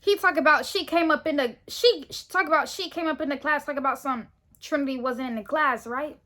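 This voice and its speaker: Teen girl doing a storytime vlog, high voice, fired up and indignant, acts out the convo. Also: a little fast. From Florida, US. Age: teens. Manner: animated, indignant retelling with quoted dialogue. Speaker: vlogger telling a story. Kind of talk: casual storytime.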